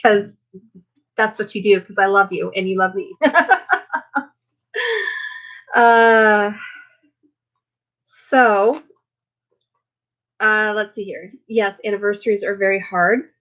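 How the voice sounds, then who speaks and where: A woman's voice: mid-range voice, steady tone, slow, long pauses, a bit bright. A woman hosting a casual live chat with viewers, chatty and rambling, with many fillers, tired and emotional after being sick. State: recovering from illness, emotional. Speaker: livestream host.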